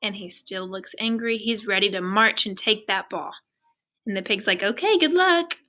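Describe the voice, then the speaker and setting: A woman's voice: mid-range voice, fairly even intonation, normal speed, pushed and bright. A woman teacher reading a picture book aloud to young students, patient and asking many questions.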